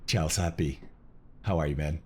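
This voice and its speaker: A man's voice: a bass voice, normal speed, slightly rough. A middle-aged man from Brazil hosting a live stream, greeting chat members one by one in a casual way. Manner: greets chat members one by one, hushed at times to keep quiet. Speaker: streamer host.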